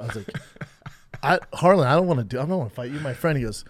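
A man's voice: medium pitch, fast. A man co-hosting a podcast, telling stories in casual chat and acting out other people's voices as he goes. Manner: animated storyteller, acts out others' voices. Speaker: podcast co-host.

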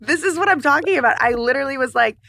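A woman guest and co-founder in a casual chat, lively and laughing, acting out her own reactions. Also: high-pitched, racing, creaky, no echo, studio quality.

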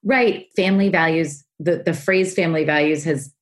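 A woman hosting a podcast interview, talking enthusiastically and rushing through her thoughts with restarts. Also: low voice. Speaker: podcast host.

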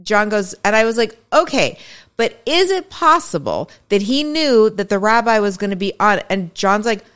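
A woman's voice: mid-range voice, normal speed, smooth. A woman co-hosting a podcast, telling a story in casual chat and acting out the quotes of the people in it. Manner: animated storyteller, acts out quotes. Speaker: podcast co-host.

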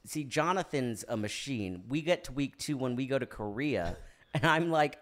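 A man in his thirties, a podcast guest and actor, chatting casually and animatedly and laughing often. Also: normal speed. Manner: animated, jumps into high-pitched silly impression voices, laughs often. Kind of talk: casual chat.

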